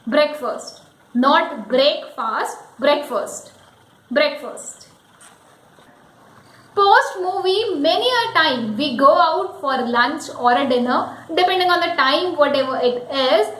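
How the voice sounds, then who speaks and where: A woman teaching pronunciation, slowly repeating each word several times. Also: high voice, lively intonation, a bit bright, roomy sound, low-quality recording. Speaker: English teacher. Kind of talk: pronunciation lesson.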